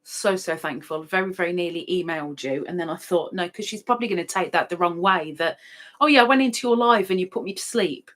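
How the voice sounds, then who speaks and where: A middle-aged woman hosts a casual livestream, reading viewers' chat aloud and playfully repeating names in a sing-song way. Her voice is fairly low, quick and fairly bright.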